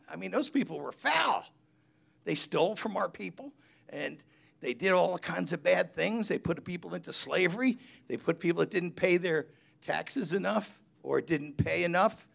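Gravelly man preaching a chatty sermon. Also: high-pitched, animated, a little slow. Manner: chatty storytelling, acts out quotes. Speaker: pastor.

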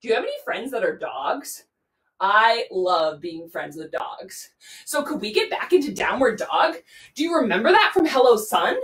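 Lively high-voiced woman teaching kids' yoga. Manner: playful sing-song, talks directly to children. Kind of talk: guiding a children's yoga class. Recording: roomy echo, mic far off.

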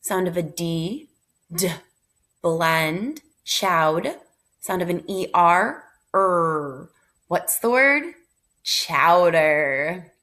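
A woman teacher leads a phonics review in a lowish voice. She sounds out each letter slowly and deliberately, blends the sounds into words, and praises the answers warmly. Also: expressive.

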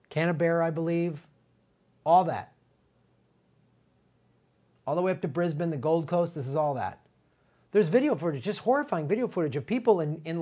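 Indignant high-voiced male commentator. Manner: animated, indignant, emphatic repetitions. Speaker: political commentary host. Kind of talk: impassioned political commentary.

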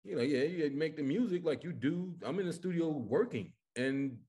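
High-voiced, animated comedian, man. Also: normal speed. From Chicago. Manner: animated, profane storytelling. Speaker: comedian guest. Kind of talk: casual podcast chat.

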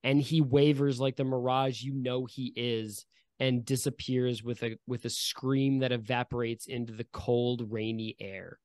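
A man narrating a tabletop game as dungeon master, loose and halting with many fillers. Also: medium pitch, little pitch movement, a little mellow, no room sound.

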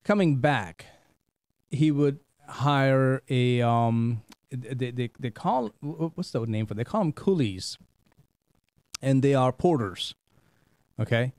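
A middle-aged man from India, hosting a talk show and telling stories in a casual, animated way, often repeating words. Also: mid-range voice, takes it slowly, no echo. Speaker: host. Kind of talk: casual storytelling chat.

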